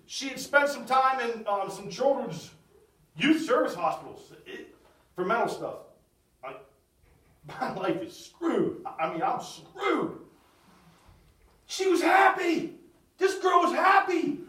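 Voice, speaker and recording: A middle-aged man giving a spoken testimony, swinging from loud outbursts to hushed, almost whispered storytelling. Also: extremely high pitch, echoey room, recorded from a distance, poor audio. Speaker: speaker sharing a personal testimony. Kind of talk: testimony talk.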